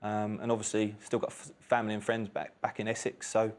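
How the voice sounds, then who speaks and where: A man's voice: on the low side, monotone, a little fast. A man, a quiz contestant, chatting casually and hesitantly, with many fillers. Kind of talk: casual chat.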